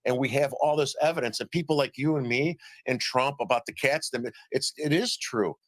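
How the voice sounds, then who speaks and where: A middle-aged man on a live stream telling stories about his reporting in a casual, animated way, acting out what others said. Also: mid-range voice, a little fast, no room sound. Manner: animated storyteller, acts out quoted dialogue. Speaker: citizen journalist guest. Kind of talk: casual remote interview.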